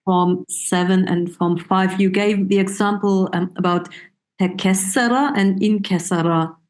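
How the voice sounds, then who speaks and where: A woman's voice: medium pitch, fairly even intonation, unhurried. A woman student in an online class, asking the teacher a question hesitantly.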